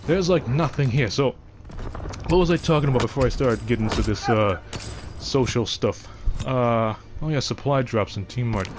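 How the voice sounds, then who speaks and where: A young man with a deep voice, chatting casually on a game livestream and rambling from thought to thought with frequent restarts. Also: normal speed. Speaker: game streamer.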